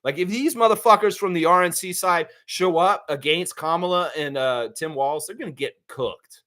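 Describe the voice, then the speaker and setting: A man's voice: high-pitched, normal speed. A man hosting a live stream, talking casually and reading viewers' chat comments aloud, with blunt, profane opinions. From United States. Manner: animated, profane, talks straight at viewers.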